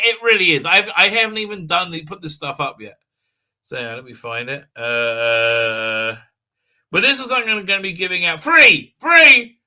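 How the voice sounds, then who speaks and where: Middle-aged male livestream host, rambling storyteller, bright ringing tone. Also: mid-range voice, clean tone. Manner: animated storytelling, many fillers and repeats. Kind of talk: rambling live-stream chat.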